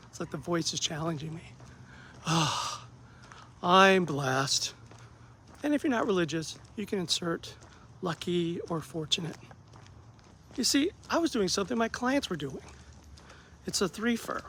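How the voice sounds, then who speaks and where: Animated male therapist telling a story. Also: high-pitched, normal speed, long pauses, a little hiss or hum. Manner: animated, acts out quoted dialogue, self-deprecating. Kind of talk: casual vlog storytelling.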